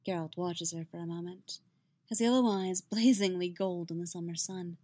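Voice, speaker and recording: A woman reading fan fiction aloud in a soft, gentle, unhurried way. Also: lowish voice, no echo. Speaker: narrator.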